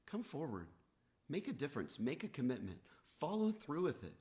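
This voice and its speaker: A man's voice: fairly high pitch, wildly swooping pitch, normal speed, a little mellow. A man preaching a sermon as pastor, earnest, with rising and falling emphasis. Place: church, livestreamed.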